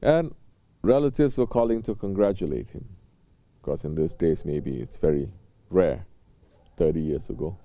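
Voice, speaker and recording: A male religious teacher delivering a sermon, telling stories and briefly acting out the people in them, with pauses and soft fillers. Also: deep voice, animated, no room sound. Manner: storytelling, acting out short exchanges between people.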